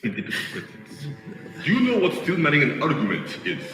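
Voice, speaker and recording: A man's voice: on the high side, wildly swooping pitch, fairly quick, fairly bright tone. A man playing a pompous interviewer with a Russian accent and a lisp. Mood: mock-serious. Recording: hall reverb with music behind.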